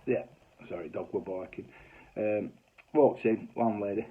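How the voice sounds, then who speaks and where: A man's voice: on the low side, a little slow, husky. A middle-aged man with a broad Lancashire accent telling a casual work anecdote, swearing freely, on a tinny phone-quality recording. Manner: lively, swears freely, broad dialect grammar. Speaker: cable TV engineer.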